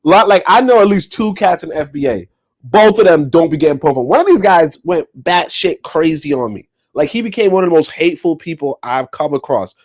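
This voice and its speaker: A man co-hosting a livestreamed podcast, talking in a loose, profane, animated way and laughing often. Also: fairly high pitch, brisk. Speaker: podcast co-host. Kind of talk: casual livestream chat.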